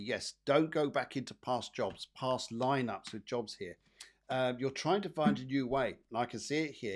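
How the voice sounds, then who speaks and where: A man hosting a live psychic show, giving chatty, rambling readings and often repeating his phrases. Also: mid-range voice. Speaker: psychic medium host.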